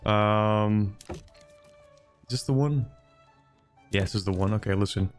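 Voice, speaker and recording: Guy streaming a strategy game, chatty and excitable, quiet music in the back. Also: lowish voice, measured pace. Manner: animated, talks to the game and chat, bargaining. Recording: faint music behind.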